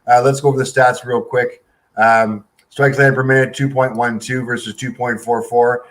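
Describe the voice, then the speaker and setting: A man's voice: medium pitch, level tone. A man co-hosting a casual show about fight predictions, reading out stats bluntly and cockily. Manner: reads stats off quickly, blunt and cocky. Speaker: co-host picking fights. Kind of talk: casual chat.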